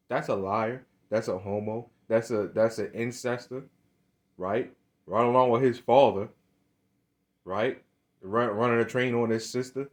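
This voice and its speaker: A male speaker in a religious video delivers a preaching monologue full of restarts. Hesitant and quiet at first, he builds into a heated, emphatic delivery.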